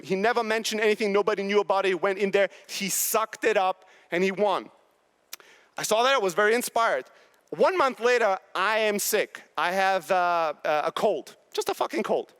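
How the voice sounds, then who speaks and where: A man in his thirties giving a blunt, profane, high-energy motivational talk on a conference stage. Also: a bit bright. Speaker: keynote speaker.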